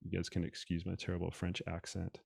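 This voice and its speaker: Podcast host, male, lowish voice, dry close sound, chatty and repetitive delivery. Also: completely flat delivery, a little fast, creaky, a little mellow, breathy edge, no room sound. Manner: conversational, repeats words as he thinks aloud. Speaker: podcast host and running coach. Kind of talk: casual podcast discussion.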